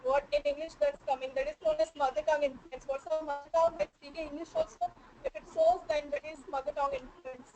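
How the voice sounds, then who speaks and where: Woman student from andhra pradesh on a video call, quick and unsure, high voice. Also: lively intonation, mellow, soft background music, low-quality recording. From Andhra Pradesh, India. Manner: fast, hesitant, full of fillers. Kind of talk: answering in class. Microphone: video call mic.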